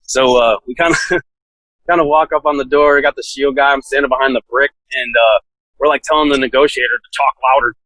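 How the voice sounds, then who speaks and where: A man's voice: medium pitch, fairly even intonation, brisk, pushed and bright, no room sound, poor audio. A man telling a story in a casual, laid-back way, full of "like" fillers and laughing now and then. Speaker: podcast guest, SWAT officer.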